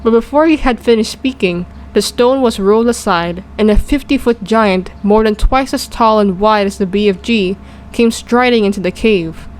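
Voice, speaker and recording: A woman reading a children's storybook aloud in a calm, steady way as narrator. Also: mid-range voice, normal speed, low-quality recording. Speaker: audiobook reader.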